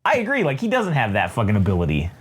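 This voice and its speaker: A man co-hosting a casual podcast, retelling a comic book plot in a profane, rambling, animated way. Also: mid-range voice, fast, slightly rough. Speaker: podcast co-host.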